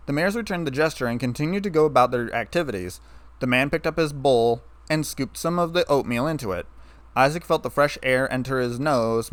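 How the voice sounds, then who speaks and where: A man narrating a fan fiction story with a steady, even delivery. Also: medium pitch, dry recording.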